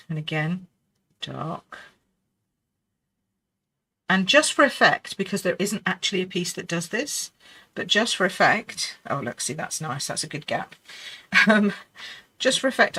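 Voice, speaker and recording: A middle-aged woman leads a live card-making lesson with a bright, clear voice. She chats warmly to her viewers, reassures beginners and laughs often, muttering to herself mid-task. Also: fairly low pitch. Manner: chatty, reassuring, laughs often, talks to herself while working. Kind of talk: live crafting demonstration.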